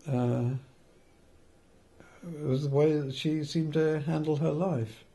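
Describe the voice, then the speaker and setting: A man's voice: on the high side, fairly even intonation, slow pace, dark tone. An older man, a film editor, telling anecdotes in an interview, hesitant with fillers and restarts and the odd chuckle.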